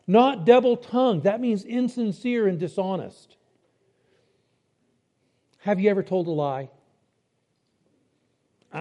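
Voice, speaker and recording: A man delivers a sermon in a high voice that swoops and jumps animatedly. His tone is mellow rather than sharp. He keeps it conversational, breaking ideas down and asking his listeners rhetorical questions. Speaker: preacher.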